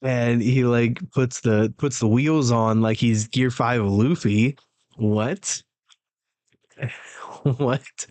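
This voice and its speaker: Male reaction host, unhurried slang-heavy delivery, dry close sound. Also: mid-range voice, fairly even intonation, a little mellow, dry recording. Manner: casual slang, laughing between remarks. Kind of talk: casual live reaction, reading aloud.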